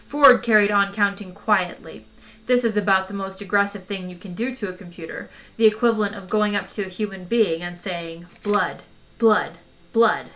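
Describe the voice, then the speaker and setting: Casting: woman reading a novel aloud, worn-out voice, bright, relaxed and chatty. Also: medium pitch, a little fast. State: tired voice. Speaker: audiobook reader.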